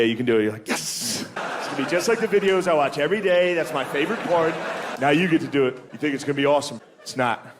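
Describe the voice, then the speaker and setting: A man doing a crude, casual stand-up comedy set, calling the audience dude and jumping into loud, high character voices. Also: background noise.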